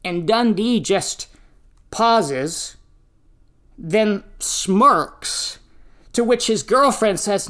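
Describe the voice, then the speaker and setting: A pastor giving a sermon, reading scripture and teaching with deliberate, emphatic phrasing. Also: medium pitch, animated, fairly bright tone.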